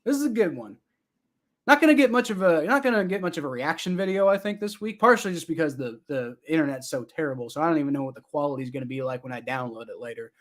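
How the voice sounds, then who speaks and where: A man's voice: fairly high pitch, lively intonation, quick pace. Chatty man doing live game reaction. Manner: rambling, chatty, talks back to viewer comments. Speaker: live-stream sports reaction host. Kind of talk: casual live play-by-play and chat reaction.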